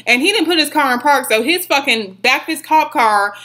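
A young woman telling a story on her vlog, rambling and swearing as she retells it in an animated way. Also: high voice, fairly quick. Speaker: vlogger.

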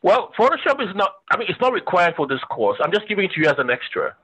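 A man's voice: sits high, big pitch swings, fast, fairly bright tone, slightly rough, muffled recording. A man teaching a web design class, chatting and thinking aloud as he demonstrates on screen, with the odd joke for his students. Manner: joking with students. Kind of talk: casual screen-share lecture.

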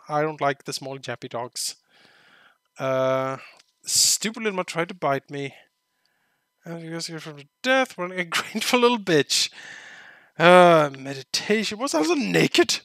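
A man narrates a game as he plays, reading its text aloud between his own joking remarks and the odd outraged outburst. His voice is bright and sharp, pitched a little high for a man. The recording is dry and close, with no room sound. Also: lively intonation, normal speed, no room sound. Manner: reads in-game narration aloud with joking asides, bursts into loud outraged shouts. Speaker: let's play commentator.

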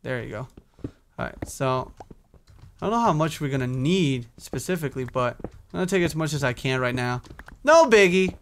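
A young YouTuber talks a little fast in a mid-range voice, with slight background noise behind him. He gives chatty, casual commentary on his own Minecraft play, talking to himself, swearing and humming.

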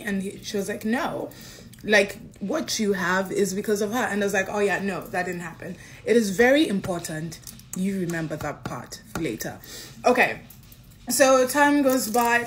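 A young woman from Kenya, telling a personal story in a casual, excitable way and acting out what others said. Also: medium pitch, a little hiss or hum. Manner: animated, excitable, acts out quotes.

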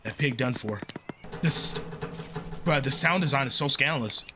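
A man's voice: mid-range voice, normal speed, over music. A young man doing casual let's-play commentary, jumpy and slangy, exclaiming often. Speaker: gaming streamer.

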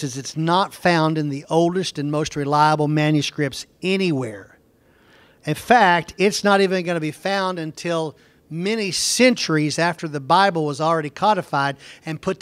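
A man's voice: a little high, no room sound. Man teaching a Bible lesson, dry sound. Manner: reads scripture aloud, then explains with rhetorical questions.

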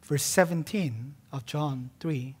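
A man preaching a sermon as pastor, repeating key words for emphasis and swinging between loud emphatic cries and hushed near-whispers. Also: on the high side, slow, breathy edge.

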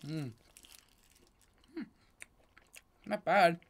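A man's voice: a little high, very slow, creaky. American man humming through a candy taste test. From United States. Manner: lots of appreciative hums while tasting. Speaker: taste-test show host. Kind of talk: casual chat.

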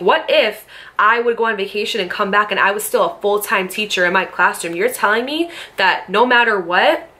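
Young woman, bright voice, casual storytime, blunt and profane, confrontational. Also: mid-range voice, normal speed. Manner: confrontational, rhetorical questions. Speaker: storytime vlogger.

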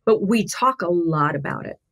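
A middle-aged woman appears as a podcast guest, speaking candidly and thoughtfully in a fairly low, animated voice that's creaky and a bit bright. She comes across as earnest and halting, often restarting her sentences.

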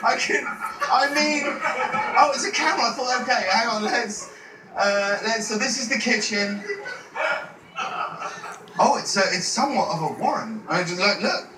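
A man's voice: very high voice, animated, unhurried, pauses often. A man hosting a party game in a house, chatty and laughing often. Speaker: host. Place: house interior. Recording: echoey room, far from mic, noisy.

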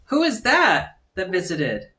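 A man's voice: sits high, wildly swooping pitch, a little slow. A man performing as a children's music entertainer, leading preschoolers through a live sing-along with short spoken prompts between songs. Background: his own guitar playing.

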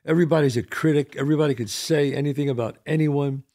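A man hosting a casual chat show, telling stories in an animated way. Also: a little high, fast talker. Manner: animated storyteller. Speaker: host.

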